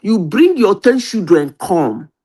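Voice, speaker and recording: Nigerian woman leading a heated panel, lively swooping delivery, keeps cutting in to make her point. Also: mid-range voice, slow, breathy edge. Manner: insistent, lively, mixes Pidgin and English. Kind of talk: heated political panel debate.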